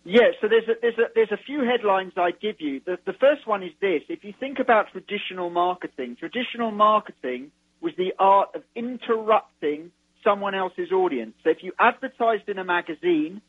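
Guy on a phone line, highish husky voice, explaining things calmly, restarts his sentences. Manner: measured, explanatory, repeats words as he starts. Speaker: guest, marketing author. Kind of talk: interview over the phone. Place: London.

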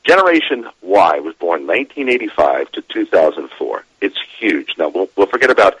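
A middle-aged man, a demographer, talking as a guest on a radio show, animated and laughing as he explains. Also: low-pitched, normal speed, breathy edge, no echo, low-quality recording. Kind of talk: radio interview.

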